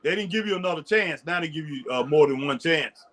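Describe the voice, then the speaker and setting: A man with a high, bright voice chats casually about old basketball greats. He gets excited quickly and laughs often as he looks back on the old days. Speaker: podcast co-host. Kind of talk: casual sports chat.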